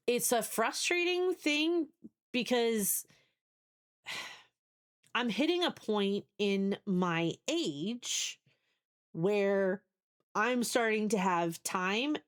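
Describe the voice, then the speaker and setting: A woman in her forties streaming live, talking casually in a mid-pitched voice. She is candid and rambling, often restarting sentences as she thinks aloud. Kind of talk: casual chat.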